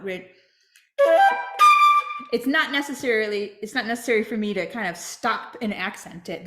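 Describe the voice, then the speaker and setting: A woman's voice: mid-range voice, fairly bright tone, reverberant. A woman teaching a flute masterclass, explaining step by step and checking in with "right?".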